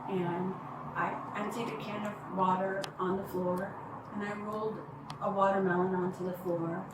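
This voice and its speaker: A woman recounting an incident to police, halting and rambling with many fillers. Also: medium pitch, level tone. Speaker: complainant reporting to police. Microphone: body-worn camera. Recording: echoey, distant, noisy bodycam audio.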